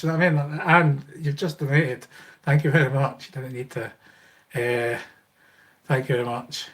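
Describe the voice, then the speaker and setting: A man's voice: medium pitch, steady tone, normal speed, a bit bright. A middle-aged Scottish man hosting a live Q&A stream, talking in a rambling way with many fillers and restarts as he thanks viewers. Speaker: YouTube channel host.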